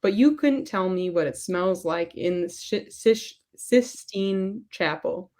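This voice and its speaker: A woman's voice: lowish voice, lively intonation, slow, darkish tone. A woman voicing a middle-aged male therapist, reading a long monologue off her phone and stumbling on a few words. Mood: earnest.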